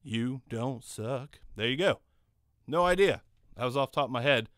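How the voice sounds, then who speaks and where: A man's voice: medium pitch, animated, brisk, a bit bright, smooth, dry recording. A man casually reviewing a microphone he is testing, in a rambling, jokey, self-mocking way, recorded on a condenser studio mic in a home studio. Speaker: microphone reviewer and channel host. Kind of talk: casual gear review talk.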